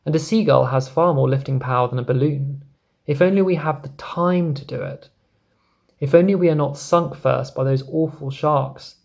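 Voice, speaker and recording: James, a man voicing a calm determined boy. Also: a little high, normal speed, creaky. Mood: earnest. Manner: earnest, explaining patiently.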